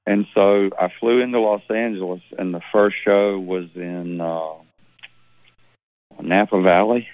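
Low-voiced man on a phone line. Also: measured pace, dry recording. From Mississippi. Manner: rambling, relaxed, with many restarts. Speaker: musician guest. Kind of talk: phone interview, casual storytelling. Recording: dry, tinny phone line.

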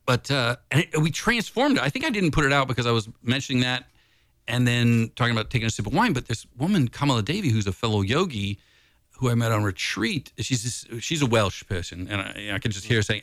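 Male musician guest: easygoing rambler, average pitch, dead-dry sound. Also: sing-song, fairly quick, fairly bright tone, no room sound. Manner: rambling and laid-back, heavy on "you know" and "dude". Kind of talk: casual interview chat.

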